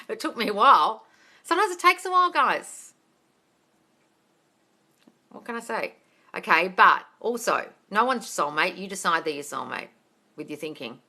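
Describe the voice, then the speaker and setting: A woman hosting a live Q&A, her voice bright and forward. She reads viewers' comments aloud and answers in a blunt, no-nonsense way, swearing casually. She calls her viewers darling and guys. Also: medium pitch, very animated, normal speed, pauses often. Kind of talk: live-stream Q&A reading out comments.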